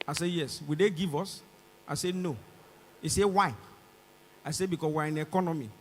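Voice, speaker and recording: A Nigerian man with a Nigerian English accent doing stand-up comedy on a large concert stage, acting out both sides of the dialogue and rising to shouts. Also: on the high side, moderate pace, big-room sound, a little hiss or hum.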